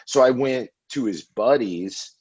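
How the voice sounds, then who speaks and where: A middle-aged man from Indiana, a podcast guest telling animated stories about his past and often saying "man.". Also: medium pitch, unhurried, husky, no room sound. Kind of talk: casual storytelling interview. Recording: dull lo-fi audio.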